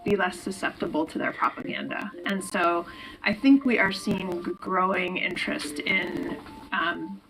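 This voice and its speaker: A woman in an interview clip, explaining in a measured way. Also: fairly low pitch, fairly even intonation, low-quality recording. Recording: clip with music behind.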